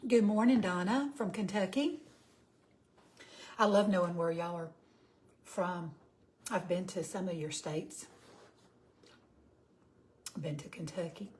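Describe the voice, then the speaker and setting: A woman's voice: on the low side, measured pace, pauses often. A woman in her fifties with a Southern US accent, chatting casually with viewers on her cooking livestream and greeting them by name. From Georgia, US. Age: 50s. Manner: chatty, reads out viewer comments.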